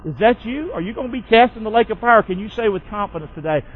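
Man pastor, high voice, folksy call-and-response sermon, muffled lo-fi recording. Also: lively intonation, fast, hardly any pauses, breathy edge.

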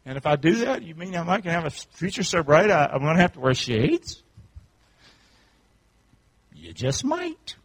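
Man, pastor, high voice, call-and-response sermon, from hushed to shouting. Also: very animated, normal speed, long pauses. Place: church sanctuary.

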